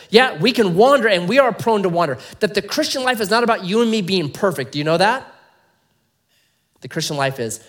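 A man preaching a sermon in a conversational, animated way, full of rhetorical questions to his listeners. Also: high-pitched. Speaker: pastor.

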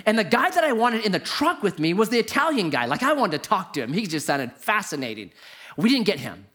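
A middle-aged man spins a personal story with a high voice that leaps up and down. He plays every moment big and bursts into loud disbelief at the surprises. His telling is animated and exaggerated. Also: fairly quick.

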